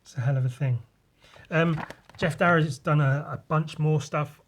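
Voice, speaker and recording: A man's voice: fairly high pitch, fairly even intonation, moderate pace. A man hosting a podcast, casually talking through his comic pages and swearing freely. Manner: loose and rambling, swears, mimics sound effects. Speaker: podcast host.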